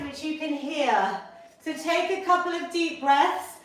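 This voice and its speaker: Fitness lady in her 40s or so, high voice, cheery countdowns, sounds far off in a really echoey room. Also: slow pace, fairly bright tone. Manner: upbeat and encouraging, counting down reps. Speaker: fitness instructor. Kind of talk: leading a live online seniors' workout class.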